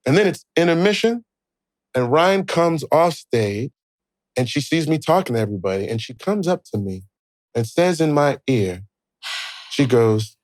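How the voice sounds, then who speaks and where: A man co-hosting a podcast, telling a story in a mid-range voice and acting out each quoted line. His delivery is lively and conversational. The sound is dry and close to the mic. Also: medium pitch, normal speed, dry recording. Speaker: podcast co-host. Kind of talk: casual storytelling.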